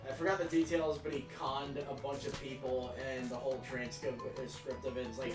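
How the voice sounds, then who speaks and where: A man's voice: medium pitch, level tone, a little fast. A man chatting casually while playing a video game, rambling and laughing often. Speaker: let's play co-host. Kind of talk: casual gaming chat. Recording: roomy voice from a distance with game music.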